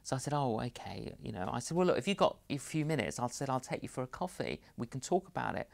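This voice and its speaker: A middle-aged male evangelist shares personal stories in an interview. He talks at an average pitch, and he jumps into the voices of the people he quotes. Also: quick pace, vocal fry. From London. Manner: animated storyteller, acts out both sides of conversations. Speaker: evangelist guest. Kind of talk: anecdotal interview storytelling.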